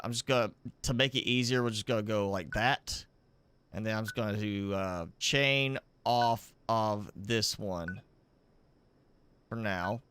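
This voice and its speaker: A man streaming a game live, thinking aloud as he builds, with halting, self-correcting talk. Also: fairly low pitch, fairly bright tone, smooth, dry recording. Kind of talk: live gameplay commentary.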